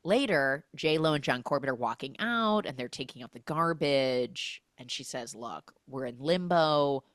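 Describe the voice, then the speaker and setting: Animated woman doing a chatty movie recap. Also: very deep voice, normal speed, no echo, studio quality. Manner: animated, acts out characters' lines in exaggerated voices; chatty, peppered with "like" and "he's like". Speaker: podcast host.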